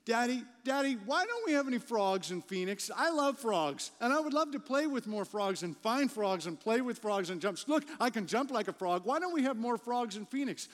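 A man's voice: very high-pitched, normal speed, hardly any pauses, pitched above the performer's own voice. A man voicing an eager little child pestering their dad with questions. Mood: excited. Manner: excited run-on questions. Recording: long hall reverb.

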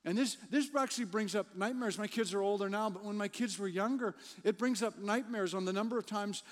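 A man's voice: high-pitched, brisk. A man preaching a sermon as a pastor, conversational, repeating words as he builds a point. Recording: long hall reverb.

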